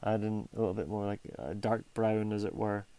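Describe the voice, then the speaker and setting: Fairly low and a little fast, this man's voice is mellow, clear and resonant, recorded with no room sound. Narrating his drawing casually on stream, he chats, wanders off topic, interrupts himself, and occasionally sinks almost to a whisper.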